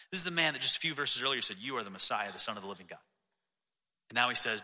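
A man preaching a sermon as the pastor, reading scripture passages in a lower, softer voice. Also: animated, racing. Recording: long hall reverb.

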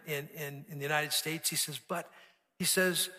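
A man's voice: on the high side, steady tone, normal speed, sharp tone. A man preaching a sermon, telling a story earnestly and building emphasis through repeated phrases. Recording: long hall reverb.

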